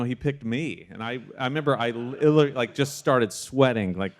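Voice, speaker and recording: Man telling a lively anecdote. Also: medium pitch, a little fast. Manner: animated anecdote-telling with frequent restarts. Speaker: sound supervisor guest. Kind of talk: casual storytelling interview.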